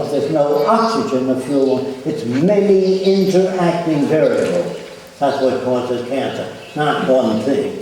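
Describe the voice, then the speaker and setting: A man's voice: mid-range voice, warm tone. Anecdotal older man lecturing in a hall. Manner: plainspoken, anecdotal, acts out little dialogues. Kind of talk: public lecture. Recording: distant, echoey hall recording.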